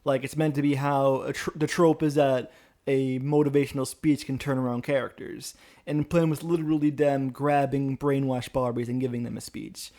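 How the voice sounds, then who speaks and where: A man co-hosts a casual podcast and lays out his reasoning at length. His voice has a strong gravelly fry. He argues with a relaxed, analytical tone, padding his talk with fillers. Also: mid-range voice, normal speed. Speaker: podcast co-host. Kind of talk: casual chat.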